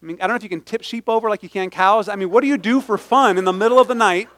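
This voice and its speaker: A man preaching a sermon in an animated, humorous way, often stopping and restarting his sentences. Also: high voice, very fast, no room sound. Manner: animated, humorous, self-interrupting. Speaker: pastor.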